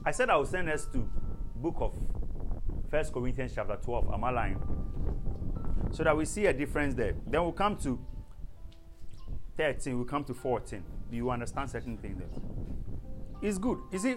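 A man teaching a sermon on prayer, calling out questions to the congregation and breaking into tongues. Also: medium pitch. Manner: animated, calls to the congregation, bursts into speaking in tongues. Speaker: preacher.

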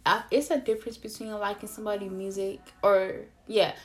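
A woman's voice: mid-range voice, fairly quick. Profane, rambling woman ranting casually. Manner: profane, animated, rambling with many fillers and self-interruptions. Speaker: vlogger. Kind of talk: casual opinion rant to camera.

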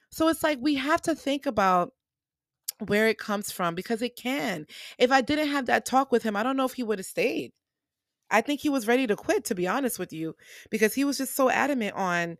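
A young adult woman hosts a podcast, chatting in an animated, encouraging way to her listeners and calling them "y'all" in casual motivational talk. Her voice is fairly high at a moderate pace, recorded in studio quality with no room sound.

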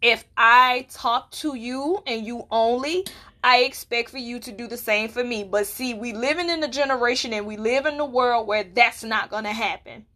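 A woman talks straight to her podcast listeners. Her voice is bright and forceful and sits a little high. She speaks bluntly and keeps asking whether they understand what she means. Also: moderate pace. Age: 20s. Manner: candid and blunt, with rhetorical check-ins. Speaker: podcast host. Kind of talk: casual solo podcast talk.

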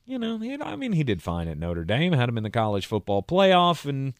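A man's voice: mid-range voice, wildly swooping pitch, brisk, dry recording, studio quality. A man co-hosting a sports talk show, easygoing and playful, often restarting his sentences. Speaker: sports podcast co-host. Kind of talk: casual sports debate.

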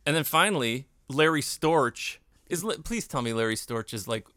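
A man's voice: medium pitch, expressive, moderate pace, a bit bright, no echo. Middle-aged guy hosting a chatty podcast, laughs a lot, dry close mic. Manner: enthusiastic, laughing. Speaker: podcast host. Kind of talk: casual chat.

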